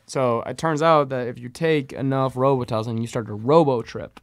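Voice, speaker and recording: A man's voice: mid-range voice, steady tone, fairly quick, hardly any pauses, no echo, clean studio sound. A young man and podcast co-host telling a story in casual chat, rambling with many fillers. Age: young adult. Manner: rambling, lots of "like" fillers, acts out quotes.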